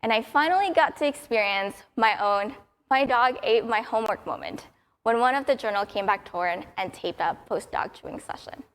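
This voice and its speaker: Young woman, conference speaker, upbeat storyteller, slightly higher voice. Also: animated, moderate pace, clean tone. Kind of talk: prepared conference talk.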